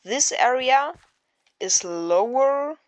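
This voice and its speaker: Unhurried woman narrating a game map tour, hesitant and full of fillers, dry close sound. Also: high-pitched, expressive, no echo, muffled recording. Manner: halting, searches for words, many fillers. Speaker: Minecraft builder giving a map tour. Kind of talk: casual narrated build tour.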